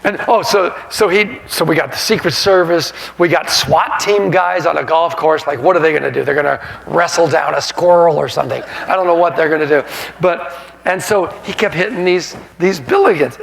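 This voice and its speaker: A man in his sixties, a sportswriter giving a talk, telling funny stories to a live audience in an animated way and laughing as he goes. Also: fairly high pitch, moderate pace, vocal fry. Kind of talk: humorous storytelling to a live audience. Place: lecture hall. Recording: reverberant hall sound.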